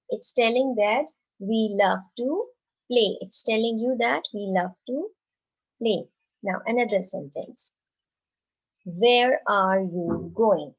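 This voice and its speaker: A woman teaches young children at a very slow, deliberate pace, asking questions and answering them herself in an encouraging tone. The recording sounds a little dull and lo-fi. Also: medium pitch. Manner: encouraging, asks and answers her own questions; reads example sentences very slowly and clearly. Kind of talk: slow, simple classroom lesson for young children.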